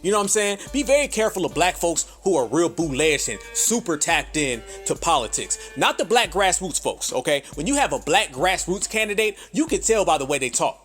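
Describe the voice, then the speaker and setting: High-pitched man ranting profanely. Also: very animated, a little fast, few pauses, fairly bright tone, faint music behind. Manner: profane, emphatic, addresses listeners as family. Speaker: podcast host. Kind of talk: ranting commentary.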